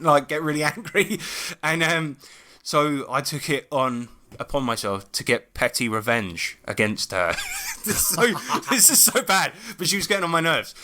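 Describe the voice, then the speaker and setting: A man with a bright, forceful voice chats on a gaming podcast. He tells stories animatedly, laughing and swearing as he goes. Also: mid-range voice, a little fast, hardly any pauses. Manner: animated storyteller, swears freely, laughs often. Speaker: podcast co-host and game master. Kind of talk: casual chat.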